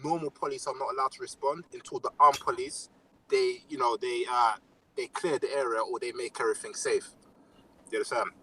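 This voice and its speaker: Telling lively stories on a casual podcast, a young man with a London accent leans heavily on slang fillers, speaking briskly at medium pitch. The rough recording carries a little hiss or hum.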